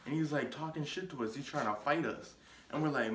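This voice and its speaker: A man's voice: a little high, fast talker, reverberant, a little hiss or hum. A young man telling a casual story on his vlog, rambling with lots of filler words and restarts. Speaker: vlogger.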